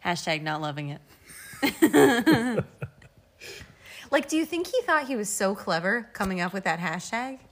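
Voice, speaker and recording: A woman's voice: medium pitch, big pitch swings, moderate pace, long pauses, fairly bright tone. A woman co-hosting a casual podcast chat, reading tweets aloud and laughing often. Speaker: podcast co-host. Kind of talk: casual chat about a reality show.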